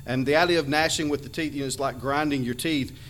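A man preaching a sermon, earnest and emphatic, reading Bible verses aloud and slowing down on his key phrases. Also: on the high side, fairly even intonation, a bit bright, a little hiss or hum. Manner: reads Bible verses in old-fashioned wording. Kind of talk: sermon on scripture.

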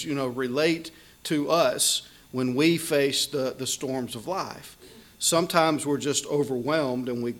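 A man's voice: mid-range voice, fairly bright tone. A man preaching a sermon, explaining scripture in a conversational teaching way with frequent fillers and restarts.

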